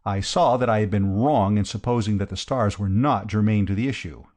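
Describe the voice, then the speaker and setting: A man's voice: on the low side, a little fast, darkish tone. A man narrating a comic novel in the first person, with a dry, wry, conversational delivery. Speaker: audiobook narrator.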